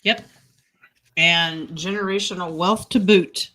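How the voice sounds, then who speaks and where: Woman co-host, brash tarot reader, bright ringing tone. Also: on the low side, fairly even intonation, takes it slowly. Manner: blunt, joking, laughs often. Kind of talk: casual group chat reading cards.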